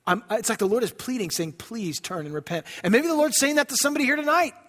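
A man preaching a sermon to his congregation, emphatic and pleading, dropping his voice low for scripture. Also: lively intonation, rapid-fire, fairly bright tone. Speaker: pastor. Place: church sanctuary. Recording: hall reverb.

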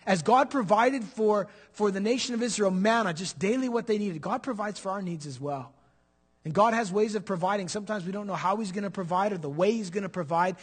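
A man's voice: a little high, breathy edge. A middle-aged man preaching a sermon as pastor, explaining scripture and building to emphatic peaks.

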